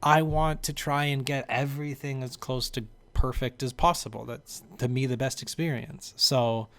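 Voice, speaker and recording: Guy on a couples podcast, laid back, lots of likes, mid-pitched voice. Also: steady tone, moderate pace, fairly bright tone. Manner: easygoing, rambling with many "like"s. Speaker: podcast co-host. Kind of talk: casual chat.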